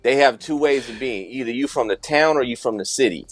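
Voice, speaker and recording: A man at a mid pitch tells stories in a relaxed chat with a friend. He slips into the voices of the people he quotes and breaks into laughter along the way. The sound is close and dry. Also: fairly quick, no echo, faint music behind. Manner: animated, acts out quoted dialogue, laughs often. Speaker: podcast co-host. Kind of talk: casual storytelling chat.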